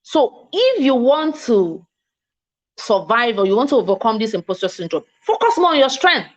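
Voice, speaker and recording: A woman from Nigeria with a Nigerian English accent, giving a fast, emphatic, self-assured online mentoring talk as a coach. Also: a little high, sing-song, highs cut off. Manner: speaks fast, by her own account.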